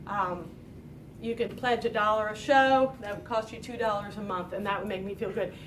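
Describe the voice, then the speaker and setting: A woman's voice: mid-range voice, fairly even intonation, normal speed, fairly bright tone, recorded from a distance, slight background noise. A woman in her late fifties hosting a talk show, telling a rambling, self-deprecating story to a live audience. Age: late 50s. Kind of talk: casual chat to a live audience.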